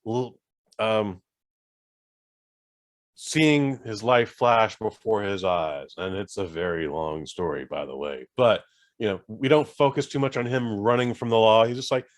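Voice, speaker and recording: A man co-hosting a podcast, rambling through an animated casual chat with many fillers. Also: lowish voice, a little slow. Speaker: podcast co-host.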